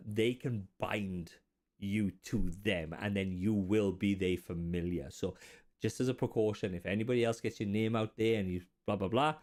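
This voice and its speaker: A man with an Australian accent running a tabletop game as dungeon master, narrating and laughing often. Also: fairly low pitch. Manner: laughs often, lively storytelling.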